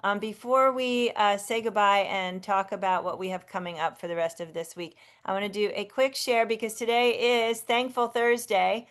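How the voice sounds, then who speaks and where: A woman's voice: medium pitch, steady tone, moderate pace, few pauses, a bit bright, smooth. A woman hosting a live online sing-along over a video call, effusive and chatty, often restarting her sentences. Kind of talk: casual live-stream hosting.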